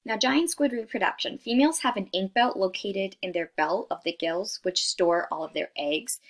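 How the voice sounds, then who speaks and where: A woman's voice: mid-range voice, moderate pace. A young woman presenting a class slideshow in a casual, chatty way, with many fillers and frequent "right?", apologizing as she stumbles over hard scientific words. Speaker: student presenter.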